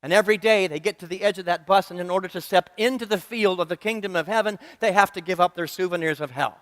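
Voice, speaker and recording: Male preacher, earnest and repetitive, quizzes his congregation; high voice in a reverberant church. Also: quick pace, fairly bright tone. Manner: earnest, rhythmic repetition, asks the congregation questions. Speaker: minister. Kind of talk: sermon. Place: church sanctuary.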